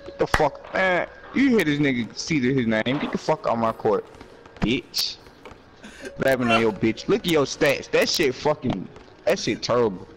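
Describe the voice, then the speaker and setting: A man's voice: mid-range voice, lively intonation, moderate pace, noisy background. A man trash-talking over game voice chat, toxic and taunting, heaping profane insults, speaking into a headset mic. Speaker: online opponent in voice chat. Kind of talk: trash talk. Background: background music.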